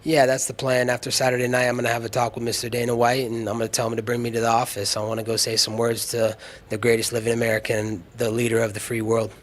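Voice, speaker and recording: Cocky fighter guy trash talking, mid pitch, pretty flat delivery. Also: fast, slight background noise. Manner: combative, boastful. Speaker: fighter being interviewed. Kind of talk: brash trash talk.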